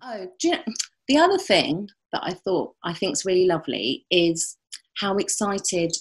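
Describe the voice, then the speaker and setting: A woman with a British accent, a psychotherapist answering interview questions in a thoughtful, halting way with many fillers. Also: lowish voice, big pitch swings, husky. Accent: British English. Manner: thoughtful, warm, with fillers and restarts. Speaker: psychotherapist and group leader.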